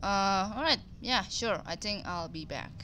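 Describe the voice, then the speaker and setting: A woman's voice: mid-range voice, animated, a little slow, very noisy. A woman giving thinking-aloud commentary on her game run, nervous and hesitant, muttering her plans to herself. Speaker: gameplay commentator.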